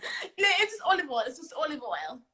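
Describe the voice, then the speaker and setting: A young British woman from England, chatting as a guest over a video call from her flat, bubbly, giggly and gushing. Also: sits high, brisk, crowd noise. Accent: British English. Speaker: guest, reality show contestant. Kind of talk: casual video-call chat.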